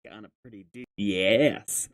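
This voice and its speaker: A streamer reading a webcomic live, laughing often and shouting reactions at the characters. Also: deep voice, measured pace.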